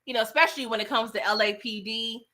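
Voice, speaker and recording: A woman casually breaking down a movie for her vlog, chatty and animated, often laughing and dropping slangy asides. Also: a little high, fast. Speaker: movie reviewer.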